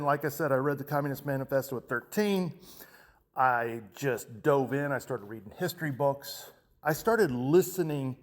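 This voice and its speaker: A man in his fifties hosting a show, talking in an impassioned, emphatic monologue that often restarts its sentences. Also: mid-range voice. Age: 50s. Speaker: show host. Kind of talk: monologue commentary.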